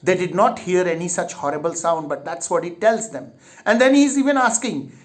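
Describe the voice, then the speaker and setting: A man's voice: high-pitched, moderate pace. A man teaching literature, reading each line of a play aloud with emphasis and then paraphrasing it plainly.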